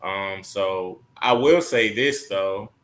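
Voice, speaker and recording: A man on a panel, reflecting thoughtfully and pausing as he talks about his father. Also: deep voice, a bit bright. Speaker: panel guest. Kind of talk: casual panel chat.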